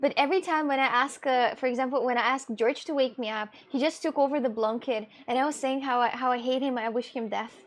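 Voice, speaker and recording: A woman's voice: high-pitched, fast talker, few pauses. A young woman chatting bluntly and rambling on a live stream, reading out chat messages and laughing often.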